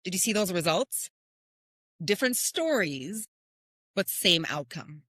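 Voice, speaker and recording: Low-voiced woman, dry close sound. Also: a little slow, dry recording. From Canada. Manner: earnest, lively storytelling with rhetorical questions. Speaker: podcast host and confidence coach. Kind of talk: motivational podcast talk.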